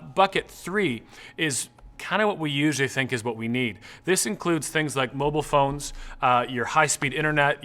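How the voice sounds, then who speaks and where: A middle-aged man from Canada giving an animated, conversational talk on dating, acting out anecdotes. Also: mid-range voice. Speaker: speaker on dating and relationships. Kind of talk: public talk.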